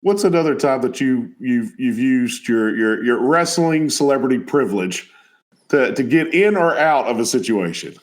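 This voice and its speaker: Host, man, mid-pitch, very lively intonation, casual storyteller. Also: normal speed. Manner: stumbling restarts, lively story. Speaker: show host. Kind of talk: casual chat.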